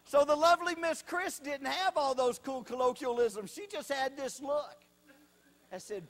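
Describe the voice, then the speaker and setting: A man's voice: very high voice, normal speed, fairly bright tone. A man telling folksy stand-up comedy stories, drawing out his punchlines.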